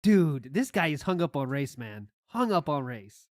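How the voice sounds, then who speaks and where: A woman's voice: deep voice, big pitch swings, no room sound, clean studio sound. A woman hosting a podcast, sarcastically mocking a clip she is reacting to. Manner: sarcastic, teasing, quick to laugh. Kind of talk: mocking commentary.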